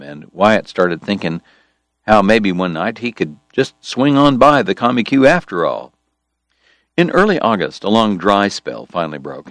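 Low-voiced male narrator, lively intonation, dry close recording, storytelling read. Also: no echo. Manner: measured, storytelling. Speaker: audiobook narrator. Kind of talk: scripted narration.

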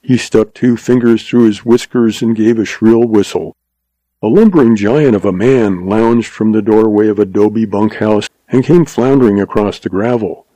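A man giving steady, measured scripted narration of a western audiobook. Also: fairly low pitch, dry recording.

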